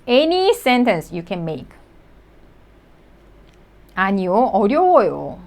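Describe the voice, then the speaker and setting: A woman teaching in an online lesson, slowly explaining words and repeating examples for her students. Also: a little high. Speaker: Korean language teacher.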